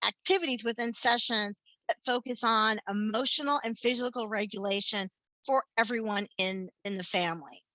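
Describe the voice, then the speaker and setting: A woman's voice: fairly high pitch, bright, forceful tone, no room sound, low-quality recording. A woman family therapist giving a workshop talk, earnest and explanatory, often restarting and repeating words as she works through ideas.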